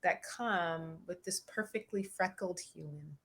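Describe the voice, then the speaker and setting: A woman therapist speaking as a podcast guest, reflective and measured, with occasional light laughs. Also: fairly low pitch, a bit bright. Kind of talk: interview conversation.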